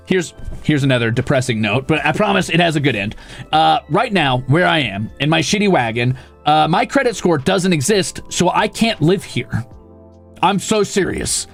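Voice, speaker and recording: On stream, a young man casually spins a story packed with curse words, voicing the quotes as he goes. He speaks on the high side with vocal fry, and faint music can be heard in the background.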